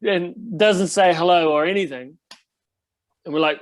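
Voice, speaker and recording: A man's voice: sits high, normal speed, long pauses, a little hiss or hum. A young man, a touring band musician telling stories in a casual interview, rambling with lots of fillers. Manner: laid-back, rambling storyteller with many fillers.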